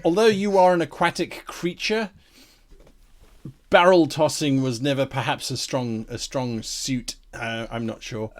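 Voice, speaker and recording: A man's voice: mid-range voice, a little slow. A man serving as game master, narrating a tabletop game with vivid, playful description.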